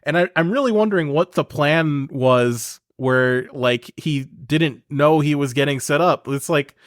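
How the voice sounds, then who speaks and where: A man's voice: fairly high pitch, unhurried, dry recording, studio quality. Incredulous man riffing on a movie. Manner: animated and laughing, incredulous riffing. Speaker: podcast co-host. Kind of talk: casual movie recap chat.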